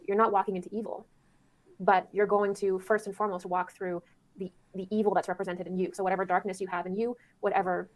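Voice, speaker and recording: A woman speaking calmly and earnestly about spiritual traditions in a flowing way. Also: fairly low pitch. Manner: calm, earnest, flowing explanation. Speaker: occult speaker. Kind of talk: spiritual talk.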